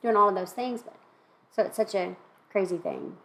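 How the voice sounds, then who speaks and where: A woman hosting a candid talk with her younger sister, asking questions gently and backing her up with frequent soft murmurs of agreement. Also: medium pitch, moderate pace, slight background noise. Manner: gentle, supportive, many mm-hmms. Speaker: host, older sister interviewing. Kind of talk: conversational interview.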